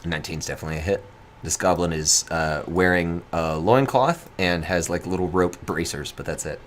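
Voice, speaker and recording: Deep-voiced male game master. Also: normal speed, a little hiss or hum. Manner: relaxed, chuckling, filler-heavy narration. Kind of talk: narrating a tabletop game.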